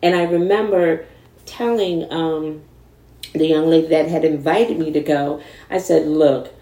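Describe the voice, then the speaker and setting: A woman's voice: low voice, unhurried, reverberant, far from the mic, poor audio. A woman, a guest in a candid conversation, telling her story animatedly and acting out the people in it. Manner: animated, acts out quoted voices.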